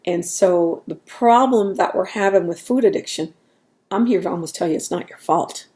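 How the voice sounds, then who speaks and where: A woman's voice: on the low side, moderate pace, mellow. A woman talking in a casual, rambling way at home, laughing at herself as she goes. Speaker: vlogger. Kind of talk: casual chat.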